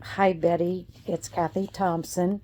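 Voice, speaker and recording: Woman, very dark mellow tone, tender, emotional, video greeting. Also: lowish voice, level tone, a little slow. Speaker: former coworker sending video greeting. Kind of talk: heartfelt personal video message.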